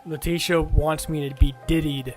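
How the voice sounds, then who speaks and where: Young male streamer, slightly high voice, loud, profane, mocking banter. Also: fairly even intonation, normal speed, loud music behind the voice. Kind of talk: live game-stream commentary.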